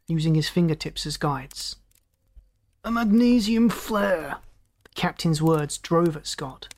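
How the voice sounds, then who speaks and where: This audiobook narrator, a man, reads science fiction in calm, even tones, lifting his voice higher whenever a character speaks.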